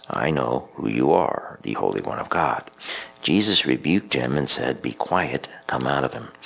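A male priest reading scripture aloud and then preaching a homily in a measured, deliberate way. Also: extremely low pitch, gravelly, fairly bright tone, rough recording.

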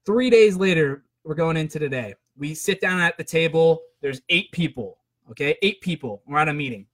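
A man's voice: a little high, animated, moderate pace, fairly bright tone. A man telling a casual personal story to his viewers, rambling and venting his frustration, full of "right?" and "like". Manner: rambling, frequent "right?" and "like" fillers.

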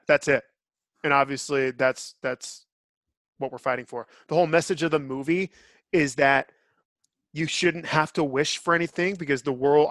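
A man's voice: on the high side, fairly bright tone, no room sound, clean studio sound. A man hosting a podcast, giving blunt, opinionated reviews in casual chat. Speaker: podcast host.

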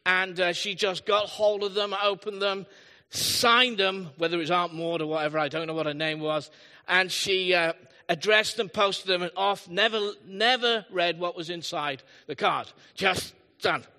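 A pastor preaches a live sermon in a church hall, his high voice sharp in tone, with fairly even intonation and a moderate pace. He tells chatty stories full of asides and self-deprecating humor, and the recording has a long hall reverb.

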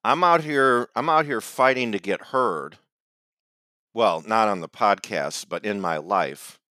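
Halting, low-voiced comedy podcaster. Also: male voice, pushed and bright, dry recording, studio quality. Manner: hesitant, halting with fillers. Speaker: podcast co-host. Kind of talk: casual comedic chat.

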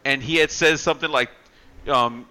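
A man with a very bright, sharp voice talks through a movie scene in loose, rambling chat. He swears freely and jumps up in pitch when he acts out lines. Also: normal speed, rough recording. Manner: rambling, profane, acts out quotes with rising pitch. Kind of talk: casual movie discussion.

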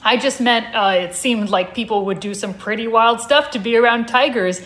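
A woman voicing a flustered, defensive male tiger who rambles through quick denials, as part of a comic story reading at a live show. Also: fairly high pitch, a bit bright, voice pushed up, close to an everyday voice. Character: anxious, defensive male tiger, imaginary friend.

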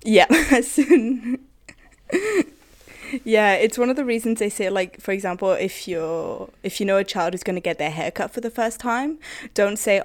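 A woman's voice: medium pitch, normal speed, no echo. A pregnant woman in a casual podcast chat, talking in a chatty, self-deprecating way and acting out her own worried thoughts. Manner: chatty, self-deprecating, quotes herself in a rush. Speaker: podcast co-host.

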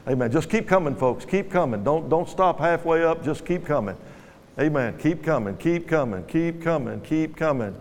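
A man's voice: on the high side, expressive, normal speed, darkish tone, a little hiss or hum. A male guest pastor, preaching a sermon and urging the congregation with repeated commands. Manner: exhorting, repeats commands to a crowd. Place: large church hall. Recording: live church hall with reverb and music. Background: music and congregation.

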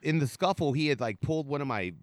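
A young adult man, a podcast co-host, telling stories in casual chat, swearing often and loudly acting out what people said. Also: fairly high pitch, fast, no echo, clean studio sound. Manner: profane, animated, acts out quotes loudly. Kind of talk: casual storytelling.

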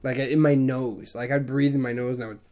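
A man's voice: mid-range voice, a little fast, highs cut off. A man in his thirties, a podcast co-host, telling stories in casual chat and acting out other people's lines. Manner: animated storyteller, acts out other people's lines.

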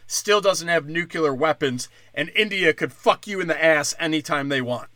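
A man's voice: a little high, sharp tone, no echo. A young man in a profane, sarcastic rant of angry commentary, often mocking the people he talks about. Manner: angry, sarcastic, crude, fast swings into mocking voices.

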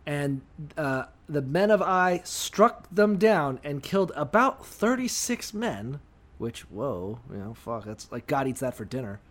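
A man hosting an irreverent comedy chat, reading passages and riffing with crude jokes. His voice is a bit higher than most men's and swings around animatedly. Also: measured pace. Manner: profane, joking, animated. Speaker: podcast co-host.

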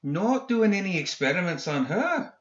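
Storybook villain: a snide, high-voiced uncle doctor, done by a male narrator; bright, roomy, dull sound. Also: sing-song, unhurried. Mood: sarcastic. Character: sneering sarcastic middle-aged male doctor, the uncle.

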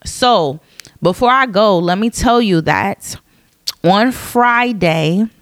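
A woman's voice: mid-range voice, lively intonation, slow, no echo, clean studio sound. A woman in her thirties hosting her own podcast, talking casually and rambling, often breaking off her sentences, tired. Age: 30s. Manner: rambling, chatty, self-interrupting. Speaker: podcast host; high school teacher. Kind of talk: casual solo podcast monologue.

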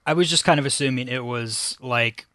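A man's voice: mid-range voice, moderate pace, pushed and bright, dry recording. An American man guesting on a podcast, giving short, dry answers in a casual chat. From United States.

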